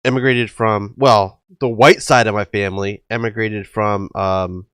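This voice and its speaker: A man's voice: on the low side, steady tone, unhurried, a bit bright, smooth, dry recording, studio quality. A man from the United States hosting a livestream, talking casually in a rambling way with many fillers and swearing. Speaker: livestream host. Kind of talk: casual stream chat.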